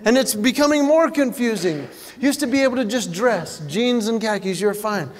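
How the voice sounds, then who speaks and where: A male comedian doing stand-up, telling stories in an animated way and acting out voices. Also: high voice, moderate pace. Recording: long hall reverb, faint background noise.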